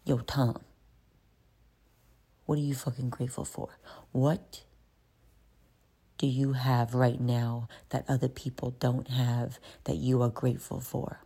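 A woman's voice: a bass voice, level tone, takes it slowly, vocal fry, pauses often, dark tone, slightly rough, heavily acted. A woman voicing a blunt pal who gives a swearing pep talk. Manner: brusque, swearing.

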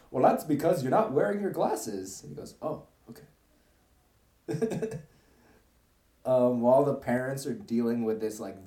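A male podcast co-host casually recaps a cartoon episode, rambling with plenty of fillers and joking asides. His lowish voice has a dark tone, recorded in an echoey room.

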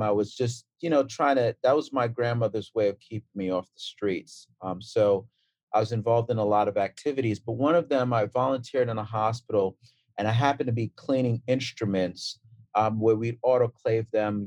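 Brooklyn-accented man in his forties, mid-pitched, laid-back interview guest, dry close sound. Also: no room sound. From Brooklyn, New York. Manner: relaxed storytelling with fillers and restarts. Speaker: transplant surgeon guest. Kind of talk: casual interview talk.

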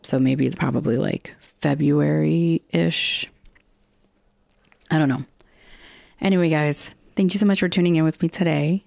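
A woman's voice: low voice, steady tone, a little slow, gravelly, pauses often, darkish tone, dry recording. A woman hosting a casual podcast recap, chatty and rambling, with frequent restarts and casual swearing. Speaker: podcast host recapping a TV episode. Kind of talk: casual chat.

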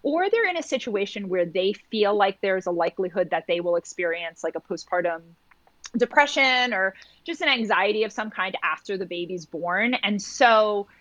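A woman's voice: medium pitch, lively intonation, moderate pace, fairly bright tone, no room sound, highs cut off. A woman who works as a postpartum doula, talking in a podcast conversation and acting out little quoted exchanges as she explains.

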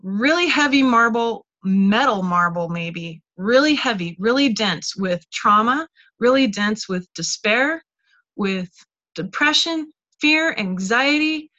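A woman's voice: a little high, lively intonation, slow, bright, forceful tone, muffled recording. A woman giving a candid, conversational teaching talk and personal testimony, with casual restarts and frequent "like.". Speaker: speaker teaching healing tools.

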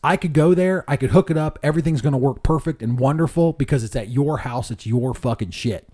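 A man's voice: medium pitch, brisk, dark tone. A man co-hosting a casual podcast, blunt and swearing freely in chat. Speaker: podcast co-host.

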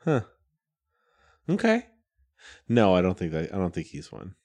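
Playful man with a very lively voice. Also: sits low, unhurried. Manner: playful, teasing. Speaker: player. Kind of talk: casual tabletop game banter.

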